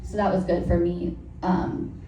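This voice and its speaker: With a lowish, dark voice that barely moves in pitch and a slightly slow pace, a woman comedian rambles through a crude, frank set full of fillers. She cuts herself off and laughs at her own jokes while testing new material before a live audience. It's captured from a distance in a roomy space with faint noise.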